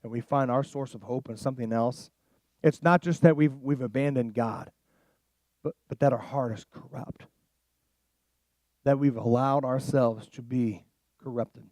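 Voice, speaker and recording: A man preaching a sermon as pastor, animated and casual, dropping into quiet asides and rising into loud emphatic passages. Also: medium pitch, measured pace, long pauses, no room sound. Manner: casual slang.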